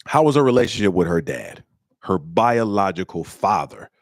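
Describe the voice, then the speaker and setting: A middle-aged man from Michigan hosting a comedy call-in show. He tells stories in casual slang, acts out the people he quotes in a higher voice, and turns blunt and preachy. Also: big pitch swings, normal speed, no room sound, clean studio sound. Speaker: comedian host answering listener questions. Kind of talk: casual storytelling chat.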